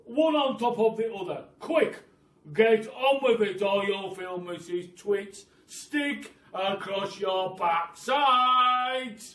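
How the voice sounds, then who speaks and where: A man's voice: high voice, slow pace, a bit bright, voice pushed up. A man doing a barking, cruel old man. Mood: barking orders. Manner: barking, commanding. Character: cruel bossy old man, a fearsome trainer. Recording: echoey room, mic at a distance.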